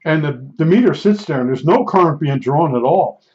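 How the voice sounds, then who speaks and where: A man's voice: on the high side, lively intonation, normal speed, a little mellow. Rambling older man, dull lo-fi sound. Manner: digressive storytelling, folksy and blunt. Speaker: vlogger. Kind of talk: casual rambling monologue. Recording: dull lo-fi recording.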